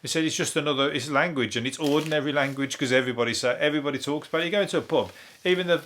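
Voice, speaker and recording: A man's voice: on the high side, very fast, a bit bright, slight background noise. An English man hosting a comedy podcast, chatting casually in a rambling way, swearing freely and chuckling often.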